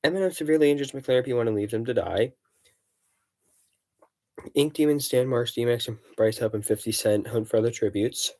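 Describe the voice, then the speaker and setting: A man's voice: mid-range voice, a little fast, long pauses, mellow. A man streaming casually, out of breath, reading game events aloud with rambling, jokey asides.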